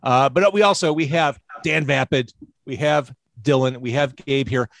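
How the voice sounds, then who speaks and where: A man's voice: medium pitch, moderate pace, vocal fry, a bit bright, no echo. A male host on a video call giving jokey introductions in a casual interview.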